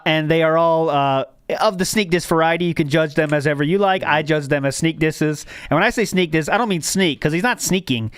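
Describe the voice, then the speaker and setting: A man's voice: on the high side, fairly bright tone, clear, resonant tone, no room sound. A man hosting a casual podcast, rambling and correcting himself as he talks. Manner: rambling, self-correcting, laughs at own jokes. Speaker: podcast host.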